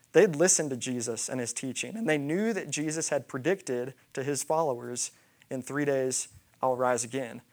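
A man preaching a sermon, retelling a scripture story and acting out the quoted lines. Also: fairly high pitch. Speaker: pastor.

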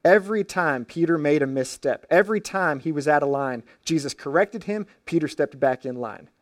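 A man's voice: a little high, expressive, moderate pace, no room sound. Casual-speaking male preacher, dry sound. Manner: retells stories in casual everyday phrasing, with frequent restarts. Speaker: pastor. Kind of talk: sermon.

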